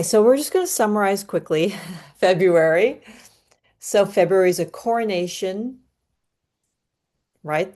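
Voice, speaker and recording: A woman giving an astrology reading and guiding a breathing ritual in a calm, soothing, unhurried way. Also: lowish voice. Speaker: astrology reader. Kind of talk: guided breathing and astrology talk.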